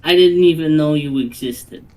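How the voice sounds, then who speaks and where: A man's voice: on the high side, moderate pace, distant mic, close to an everyday voice, rough recording. A man playing an estranged father in a tabletop game, earnest and prone to wry jokes. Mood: remorseful. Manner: earnest, then wryly joking. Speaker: player.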